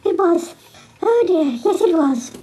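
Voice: very high-pitched, very animated, slow pace, background noise, heavily acted. A performer voicing Ig, a timid, worried helper who stammers and hesitates and is out of breath. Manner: hesitant, many ums and stammers.

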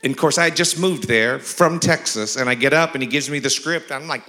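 Male pastor with a bright, forceful voice, preaching in a large church with long reverb; jokey asides and emphatic scripture. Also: mid-range voice, a little fast. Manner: humorous storytelling mixed with emphatic scripture reading. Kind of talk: sermon.

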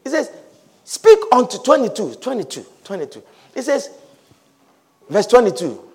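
A man pastor preaching a sermon, repeating shouted blessings and swinging between quiet speech and loud calls. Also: high-pitched, sing-song, moderate pace, breathy edge.

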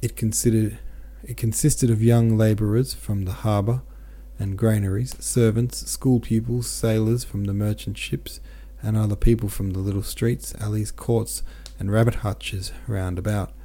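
A male podcast host reads a classic novel aloud. His voice is low and mellow. His delivery is steady, with small self-corrections along the way. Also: normal speed, hardly any pauses. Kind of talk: audiobook narration.

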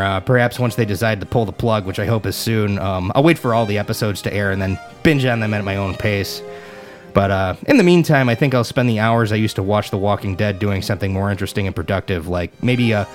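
A young man giving a comedic, sarcastic review full of profanity and exasperation. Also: on the low side. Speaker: vlogger reviewing a TV show.

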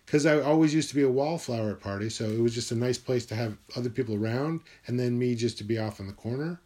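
A man's voice: medium pitch, quick pace, darkish tone. A man talking alone in his room in a rambling, musing monologue, swearing freely as he goes. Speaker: vlogger.

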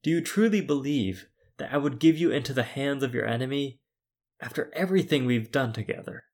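A man's voice: medium pitch, lively intonation, fairly quick, darkish tone. Man putting on God, exasperated and mighty, emphatic rhetorical questions, sermon retelling. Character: exasperated Almighty God, male, powerful.

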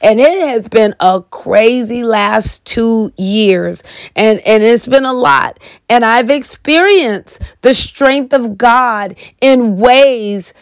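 A woman's voice: fairly high pitch, takes it slowly, smooth, dry recording, studio quality. A woman in her fifties hosting her own devotional podcast, speaking in an earnest, emphatic way and repeating phrases for emphasis. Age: 50s. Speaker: podcast host. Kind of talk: personal devotional podcast talk.

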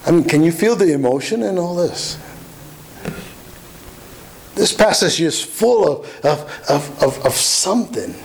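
A man's voice: fairly high pitch, animated, measured pace, pauses often, low-quality recording. A man preaching a sermon, earnest and emphatic, often restarting his words. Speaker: pastor.

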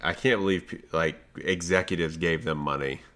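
A man's voice: sits low, normal speed, fairly bright tone. A man co-hosting a podcast, chatting casually about movie trailers with jokey, sarcastic asides. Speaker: podcast co-host.

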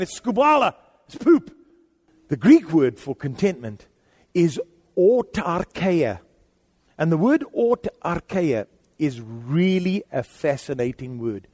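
A man preaching a sermon, animated and emphatic, swinging from quiet asides to shouted points. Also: sits high, big-room sound. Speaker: pastor.

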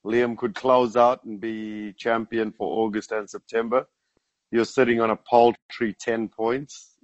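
A man's voice: fairly low pitch, no room sound, highs cut off. A man co-hosting a football podcast, running a quiz segment with mock-stern, playful scolding. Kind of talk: casual banter.

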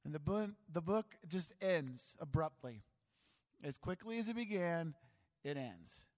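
A man's voice: on the high side, sing-song, measured pace, darkish tone, big-room sound. A man preaching a sermon in a casual, conversational way, with self-deprecating humor. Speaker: pastor.

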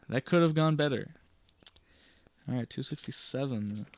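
A man's voice: medium pitch, moderate pace, pauses often, no room sound. A man reading a gamebook aloud and musing over his choices, with self-deprecating asides. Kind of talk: casual reading and commentary.

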